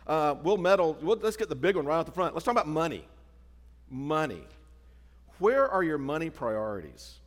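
A middle-aged man preaching a sermon as pastor, talking in a conversational way with frequent restarts and asides. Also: fairly high pitch. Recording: long hall reverb.

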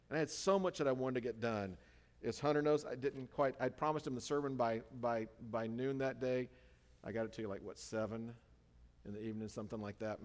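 A man preaching a sermon in an easygoing, conversational manner, often pausing to correct himself. His mid-pitched voice rings out with a long reverb through a church hall. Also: a little mellow. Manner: conversational, with many fillers and self-corrections.

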